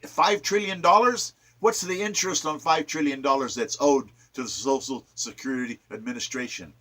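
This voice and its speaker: A man's voice: medium pitch, fairly quick, a bit bright. A man reciting his own sonnets and following them with impassioned, preachy political commentary. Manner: ranting, preachy, emphatic.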